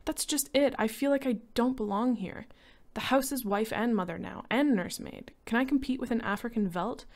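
A woman voicing a frightened, tearful housewife, speaking high and tense in a story reading. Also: moderate pace, darkish tone, close to an everyday voice. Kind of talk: reading a short story aloud.

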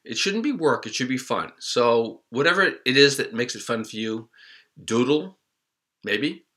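A man, a children's author, gives a friendly writing lesson for kids in a relaxed, chatty way with many ums. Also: medium pitch, a little slow.

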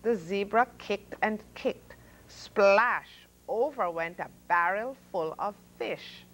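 A woman hosting a story hour, reading children's picture books aloud with expressive sound effects and voices for the animals. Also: mid-range voice, measured pace, rough recording. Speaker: storyteller host.

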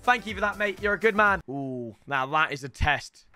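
A young man commentating his own football video game matches, excitable and sweary, ribbing his opponents. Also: on the high side, moderate pace. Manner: excitable, shouty, sweary banter. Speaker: gaming YouTuber. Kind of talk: live gameplay commentary. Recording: game music behind voice.

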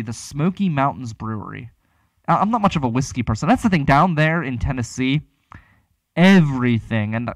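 Slightly high-voiced, this Pittsburgh-area man hosts a relaxed radio talk show, chatting and meandering with frequent restarts. There's no room sound on the recording.

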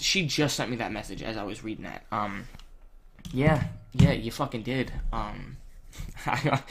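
A young man, ranting bluntly to camera in casual vlog talk, swearing a lot and filling pauses with ums. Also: mid-range voice, vocal fry, fairly bright tone, a little hiss or hum. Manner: blunt, profane, heated, with many ums. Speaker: vlogger.

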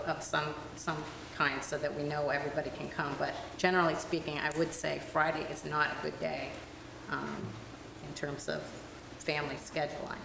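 A woman on a school board speaking at a public meeting in a halting way, restarting and repeating herself. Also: sits low, creaky, noisy background. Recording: echoey hall with long reverb.

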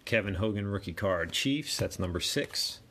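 A man's voice: low-pitched, lively intonation, normal speed, pushed and bright, a little hiss or hum. A man hosting a card break, casually calling out each card and chatting to himself as he opens packs. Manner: rattles off card names, chatty asides to himself. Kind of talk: casual card-opening commentary.

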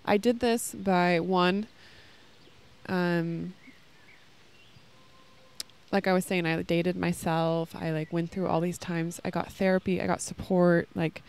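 A woman's voice: fairly low pitch, steady tone, slow pace, long pauses, a little mellow, smooth. A woman in her thirties talking casually and earnestly about love and self-worth, rambling with many fillers, recorded outdoors in a park. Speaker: podcast host. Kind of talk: casual spiritual talk. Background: children playing nearby.

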